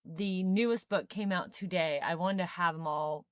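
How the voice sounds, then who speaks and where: A woman's voice: lowish voice, normal speed, clean tone, dry recording. A young woman co-hosting a podcast, chatting casually and laughing often. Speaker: podcast co-host. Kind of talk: casual chat.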